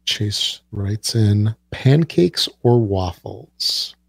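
Gravelly low-voiced man, dry podcast co-host. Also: lively intonation, very slow, dry recording. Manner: dry, sarcastic humor. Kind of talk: casual chat.

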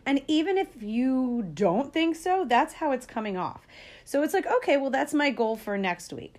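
A woman's voice: high-pitched, animated, moderate pace, a little mellow. A woman giving casual parenting advice, chatty and upbeat, with filler words and small laughs, acting out what parents and kids might say. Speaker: parenting educator.

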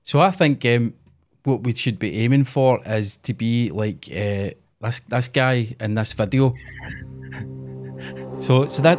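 A man's voice: mid-range voice, slow, over music. Scottish man, video call chat, blunt, swears, jokey. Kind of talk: casual chat.

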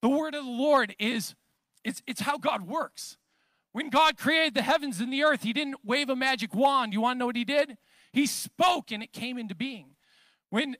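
A man in his thirties preaches with a very high, bright voice. He moves between easy, conversational storytelling and emphatic, rising declarations. The sound is close and dry, with no room around it. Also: no room sound. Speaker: pastor. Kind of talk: sermon.

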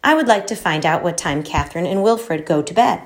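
A woman's voice: lowish voice, lively intonation, brisk. Woman doing a worn-out mom, patient but exasperated, near-natural voice. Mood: coaxing. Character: weary, desperate mother of three.

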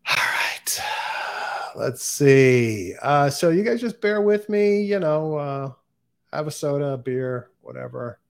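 A man's voice: a little high, expressive, unhurried, creaky, darkish tone, clear, resonant tone. A man hosting a casual livestream on his own, thinking aloud in a rambling, distracted way with lots of fillers. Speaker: crypto livestream host. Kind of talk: casual solo livestream chat.

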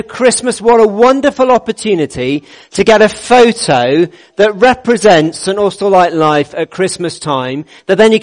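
A man leading a church congregation, upbeat and jokey as he coaxes people into place. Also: sits high. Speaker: church service leader.

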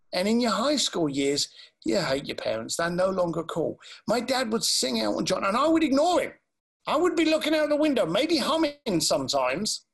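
A grown son quietly recalls his late father, his voice gravelly and husky as a man retells his words. He speaks slowly and haltingly, with deep feeling. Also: heavily acted.

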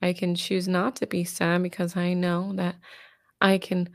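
A woman talking as a therapist in an improvised session, slow and measured. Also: fairly low pitch, completely flat delivery, dry recording, clean studio sound. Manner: slow, measured counselor talk.

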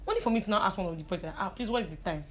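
A woman's voice: mid-range voice, animated, rapid-fire, a little hiss or hum. A young Nigerian woman telling stories in a casual chat. She mixes in pidgin and laughs often. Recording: crowd chatter in the background.

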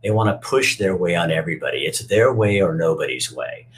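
Deep-voiced man ranting emphatically. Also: lively intonation, fairly quick. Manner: emphatic, emotional, profane. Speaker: speaker who reads stories to schoolkids. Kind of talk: storytelling and personal rant.

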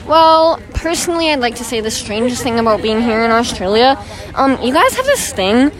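A woman's voice: on the high side, very animated, normal speed, a crowd in the background, poor audio. An eighteen-year-old woman from Alberta, a bubbly, giggly podcast guest. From Alberta, Canada. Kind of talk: casual chat.

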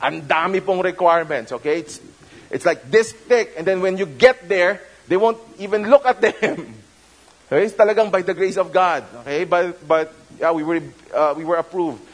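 A middle-aged pastor with a high voice and a Filipino accent talks at normal speed through a roughly recorded sermon. He speaks conversationally, restarts often, and slips into Tagalog now and then.

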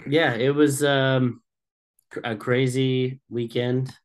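A man co-hosts a podcast in a mid-pitched voice. He talks in a relaxed, casual way, chiming in agreeably. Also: slow pace. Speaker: podcast co-host. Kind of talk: casual chat.

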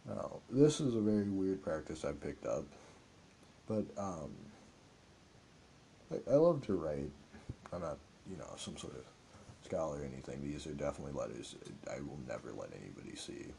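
Very deep gravelly young man, earnest. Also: sing-song, normal speed, pauses often, mellow, slight background noise. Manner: earnest, rambling, heavy filler words. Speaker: podcast host. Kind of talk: reflective solo podcast monologue.

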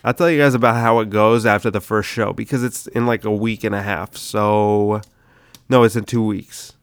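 Smooth-voiced man rambling casually, sick. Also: lowish voice, fairly even intonation, moderate pace, no room sound. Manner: loose, swearing, says "dude" a lot. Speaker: comedian podcast host.

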